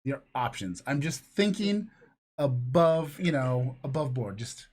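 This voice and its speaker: A man's voice: mid-range voice, very animated, a little slow, a little mellow. A man co-hosting a podcast, rambling through crude jokes in casual chat. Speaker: podcast co-host.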